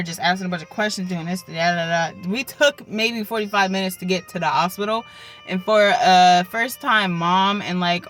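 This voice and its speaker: A woman's voice: medium pitch, a bit bright, poor audio. A young woman casually telling a personal story, chatty and full of likes and ums. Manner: chatty, filler-heavy, with many likes and ums. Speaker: vlogger.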